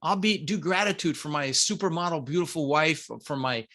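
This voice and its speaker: A middle-aged man talking as an interview guest, speaking from his room at home. He sounds energetic and emphatic, hitting his points hard and calling his listeners "guys". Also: fairly high pitch, a little fast. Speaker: guest, business coach. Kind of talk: energetic motivational interview talk. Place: home room with green screen.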